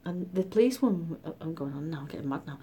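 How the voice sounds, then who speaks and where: A middle-aged woman from Britain telling a story in a casual vlog, chatty and animated, often dropping to a whisper. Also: sits low, quick pace, husky. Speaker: vlogger.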